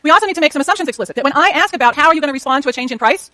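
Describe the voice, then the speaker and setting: A middle-aged woman lectures on university economics very quickly, her high voice pushed, bright and lively in intonation. She's chatty with the class and keeps asking the students questions. The audio is dry and close, without echo.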